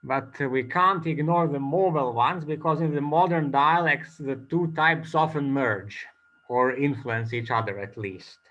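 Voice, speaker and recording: A man giving an academic conference talk as a presenter, speaking haltingly with many filler pauses. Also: fairly high pitch, fairly bright tone, lo-fi sound.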